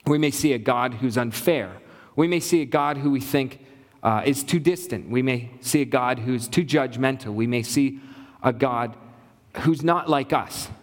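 A man's voice: mid-range voice, moderate pace, in a large hall. A man preaching a sermon as pastor, earnest and building his points through repetition.

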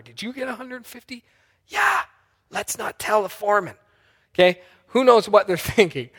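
A male pastor preaches in a big hall, and the long reverb trails after his words. His voice sits a little high as he tells the story with animation and acts out each person in it. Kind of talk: sermon.

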